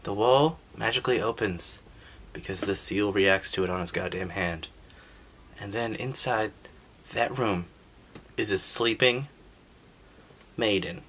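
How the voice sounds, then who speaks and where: A man's voice: on the low side, normal speed, long pauses, slight background noise. A man hosting a casual, sarcastic recap of an old video game story, joking and swearing as he goes. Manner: sarcastic, animated, profane. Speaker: gaming history channel host.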